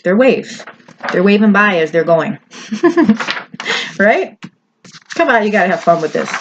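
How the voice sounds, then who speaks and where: A woman gives a casual lecture over slides in a lowish voice. She keeps it chatty and often checks in with her listeners. The audio is dull and lo-fi, with a faint hiss behind her. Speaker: presenter.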